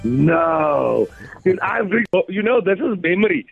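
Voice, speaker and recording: A man in his forties with a South African English accent, a stand-up comedian calling into a radio show, jokey and quick to laugh. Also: high-pitched, very animated, gravelly, husky, narrow, tinny audio, faint music behind. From Eastern Cape, South Africa. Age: 40s. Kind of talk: casual radio chat. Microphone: phone line.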